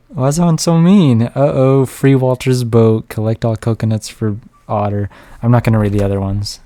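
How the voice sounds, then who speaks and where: A man's voice: medium pitch, moderate pace, long pauses, dark tone, dry recording. A young man streaming a game, chatting and joking to himself as he plays. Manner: chatty, jokey, talks to himself while playing. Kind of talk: live gameplay commentary. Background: game music.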